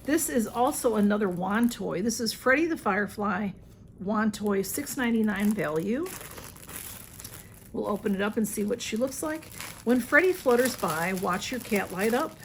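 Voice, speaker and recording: A woman's voice: medium pitch, lively intonation, normal speed, slight background noise. A woman chatting through a home unboxing video. She gushes over each item and keeps talking to her cats. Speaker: unboxing vlogger. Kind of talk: casual unboxing chat.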